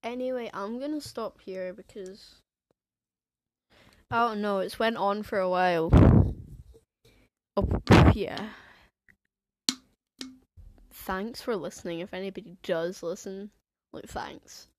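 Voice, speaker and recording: A woman's voice: mid-range voice, steady tone, slow pace, pauses often. A teenage girl with an English accent, rambling through a casual solo podcast, full of fillers and restarts. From England. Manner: rambling, filler-heavy, self-interrupting. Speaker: podcast host.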